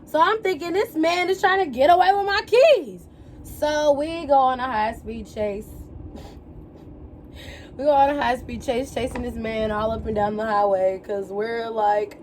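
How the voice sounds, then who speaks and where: A young woman tells a story as she gets ready, in a casual, animated way. Her voice sits high, and she keeps slipping into slangy quoted exclamations. A faint hum of the room stays behind her. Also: unhurried. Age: young adult. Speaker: vlogger.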